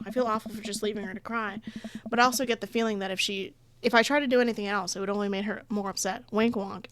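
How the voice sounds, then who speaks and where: A young woman playing a dating game reads the story aloud, chatting casually and laughing often as a let's play gamer. Her voice is medium-pitched and a bit bright.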